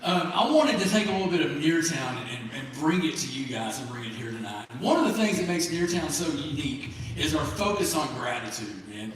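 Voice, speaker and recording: Folksy, relaxed male speaker, slightly high voice, distant mic, echoey hall. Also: a little hiss or hum. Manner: folksy, easygoing, drawn-out. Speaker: program staff speaker. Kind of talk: casual stage banter. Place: large hall, live show.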